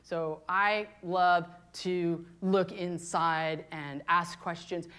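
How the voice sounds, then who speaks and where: A woman in her fifties, a pastor preaching a candid, confessional sermon, moving between hushed and impassioned. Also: lowish voice, steady tone, very slow, smooth. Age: 50s.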